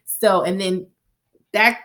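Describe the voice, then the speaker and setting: A woman's voice: medium pitch, fairly even intonation, takes it slowly, a bit bright. A woman giving a casual, chatty recap of a TV episode, swearing freely and acting out the characters' lines. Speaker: TV recap vlogger.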